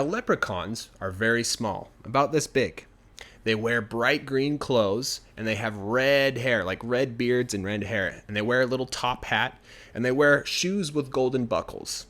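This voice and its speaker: A man telling a folk tale in a relaxed, conversational way, adding asides like "you know". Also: mid-range voice. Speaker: storyteller. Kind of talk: casual spoken storytelling.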